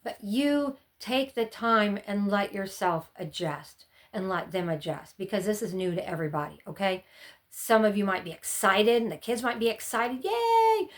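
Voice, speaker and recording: A woman's voice: mid-range voice, moderate pace. A middle-aged woman chatting casually to camera, giving rambling, friendly advice from her years as a homeschooling mom. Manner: chatty and rambling, often acts out her own past panics.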